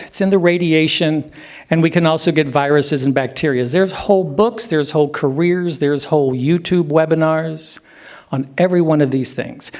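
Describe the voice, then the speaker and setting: A man in his fifties, a clinician giving a conference presentation in a hotel room, speaking emphatically and slowing down for effect. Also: on the high side. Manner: animated, emphatic, slows down for effect.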